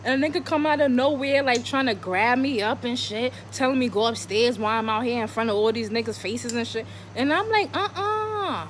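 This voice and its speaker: A woman tells a personal story in a casual vlog, animated and profane, full of dramatic rhetorical questions. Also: a little high, fairly quick, few pauses, a little hiss or hum. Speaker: vlogger telling a personal story.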